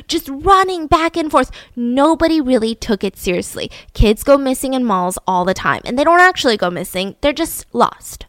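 A woman hosting a podcast, telling a true-crime story in a casual, animated way, full of "like" and "right?" asides. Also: high voice, normal speed, few pauses, no room sound. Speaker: podcast host.

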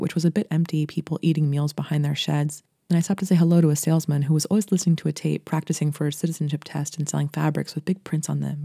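A woman from Brooklyn, host and writer, reading a literary short story aloud in a steady, intimate storytelling manner. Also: low-pitched, creaky, no echo, studio quality. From Brooklyn, New York.

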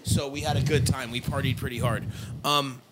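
A man's voice: medium pitch, steady tone, normal speed, background noise. A man in casual chat as podcast co-host, rambling and swearing, with many fillers.

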